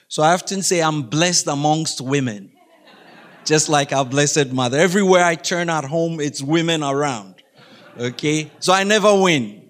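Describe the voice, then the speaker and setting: A man's voice: fairly high pitch, normal speed, fairly bright tone. A middle-aged man giving a humorous faith talk to a school audience, chatty and laughing, often asking the listeners questions. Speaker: guest speaker.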